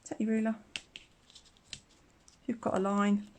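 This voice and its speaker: A woman's voice: medium pitch, flat delivery, unhurried, background noise. A woman teaching a casual live craft demonstration, chatty and rambling, laughing often. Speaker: craft tutor.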